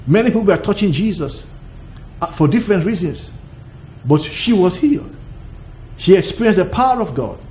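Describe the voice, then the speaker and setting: A man with a high voice delivers a broadcast sermon. He talks in emphatic, repetitive runs of short phrases and laughs now and then as he builds his point. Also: very animated, normal speed, long pauses, a little mellow, slight background noise. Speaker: preacher.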